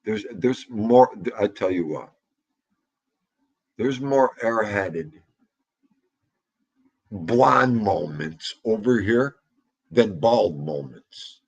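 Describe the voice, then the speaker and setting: A man's voice: on the low side, animated, drawn-out words, vocal fry, long pauses, breathy edge, muffled recording. A man hosting a casual livestream podcast, rambling and joking with crude, profane banter.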